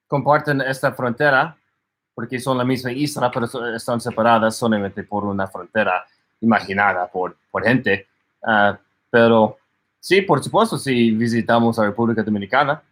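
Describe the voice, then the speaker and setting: A man's voice: mid-range voice, fairly quick, fairly bright tone. A man co-hosting a casual livestream, chatting as he reads out and answers viewer comments. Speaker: livestream co-host.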